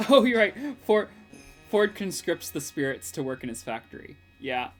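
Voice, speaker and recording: A woman's voice: fairly low pitch, very animated, moderate pace, faint music behind. A young woman streamer with a runny nose, giving joking, rambling, sarcastic commentary while playing a game. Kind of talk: casual gameplay commentary.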